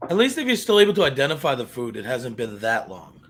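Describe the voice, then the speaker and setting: A man who is a guest on a podcast, chiming in quickly during casual chat and laughing easily. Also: mid-range voice, big pitch swings, fairly bright tone.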